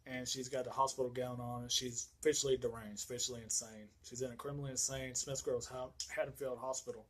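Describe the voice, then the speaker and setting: A man in the middle of a casual movie recap rant, medium-pitched and loose. He rambles through the plot with plenty of fillers and frequent swearing. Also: little pitch movement, quick pace, poor audio. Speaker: movie reviewer. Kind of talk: casual ranting film recap.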